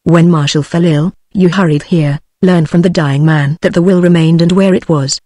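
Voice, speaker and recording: A text-to-speech voice narrating an old detective story audiobook in an even, mechanical reading. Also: mid-range voice, normal speed, dry recording, clean studio sound.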